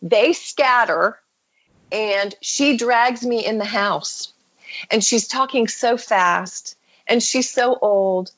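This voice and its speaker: A woman's voice: on the high side, takes it slowly, fairly bright tone, muffled recording. A woman guest telling an emotional personal story, acting out the voices of the people in it. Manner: vivid storyteller, acts out quoted voices. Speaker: podcast guest.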